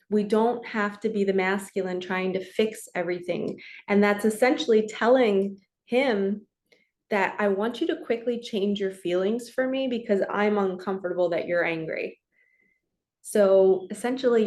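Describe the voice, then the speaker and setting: A woman's voice: medium pitch, a little mellow. A woman in her forties, a spiritual coach and reader, talking casually to camera in an earnest, chatty way that is broken up by frequent laughs. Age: 40s. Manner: chatty and earnest, laughs often, slips into quoted voices.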